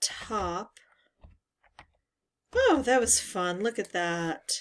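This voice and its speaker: A woman hosting a word puzzle video, musing slowly as she reads the words aloud one by one. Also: medium pitch, very animated. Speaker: word game video host. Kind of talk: casual puzzle talkthrough.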